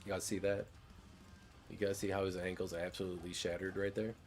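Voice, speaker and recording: A relaxed man talking through his gameplay in a rambling, easygoing way, with casual swearing. His voice sits a little low. Faint background music plays under him. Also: a little fast. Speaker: gaming streamer.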